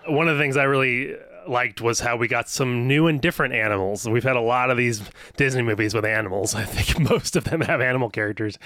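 A man hosting a podcast, leading a relaxed chat about a film and passing questions around. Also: mid-range voice, a little fast, few pauses. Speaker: podcast host. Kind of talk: casual film discussion.

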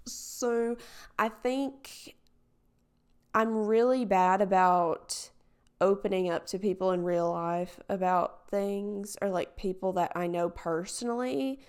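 A woman's voice: medium pitch, takes it slowly, a little mellow, smooth. A woman hosting a casual solo podcast, talking in a hesitant, rambling way full of fillers, candid and reflective. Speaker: podcast host.

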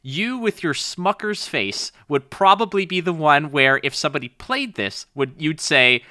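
A man co-hosting a podcast, chatting casually and acting out quotes in animated stories. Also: fairly high pitch, a little slow, clean tone, dry recording, clean studio sound. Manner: animated storytelling, acts out quotes. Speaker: podcast co-host. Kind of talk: casual chat.

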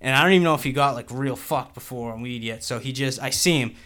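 A man's voice: medium pitch, fast talker, a bit bright. A young man telling a rambling, profane story in casual chat, peppering it with "dude".

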